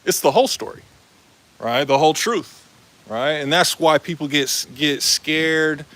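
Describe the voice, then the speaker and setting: A man's voice: a little high, unhurried, fairly bright tone. A man telling a story in a casual live-stream monologue, rambling with lots of fillers and slang.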